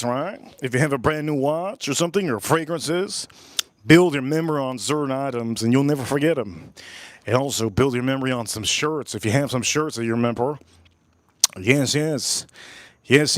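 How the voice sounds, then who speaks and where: A man's voice: medium pitch, no room sound, clean studio sound. Enthusiastic man tasting whiskey on stream. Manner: repetitive, enthusiastic, repeats phrases. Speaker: whiskey reviewer. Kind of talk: casual live-stream tasting chat.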